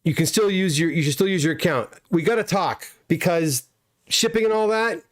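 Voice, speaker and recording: A man's voice: on the high side, moderate pace. A middle-aged man hosting a casual livestream, answering viewer comments in a loose, chatty way with many restarts. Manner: chatty, loose, frequent restarts and repeated words. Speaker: comic pressing business owner and livestream host.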